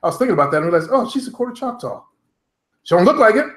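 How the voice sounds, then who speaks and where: A man's voice: high-pitched, big pitch swings, rapid-fire, fairly bright tone. A middle-aged man vlogging at home, talking bluntly and profanely straight to his viewers in a loose, rambling monologue. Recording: roomy echo.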